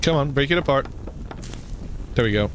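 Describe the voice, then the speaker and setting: A man's voice: mid-range voice, lively intonation, moderate pace, a little hiss or hum. A young man streaming a survival game, swearing at it and laughing in disbelief as things fall apart. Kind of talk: live gameplay commentary.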